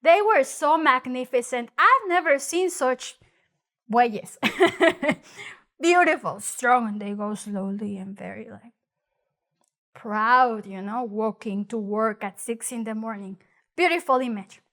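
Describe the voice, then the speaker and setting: A woman with a Mexican accent gives a loose, conversational Spanish lesson, speaking in English. Her voice sits high, and she keeps things lively by acting out the phrases she explains. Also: slow. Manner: chatty, animated, acts out mocking exaggerated voices. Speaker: Spanish teacher. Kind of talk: casual spoken lesson.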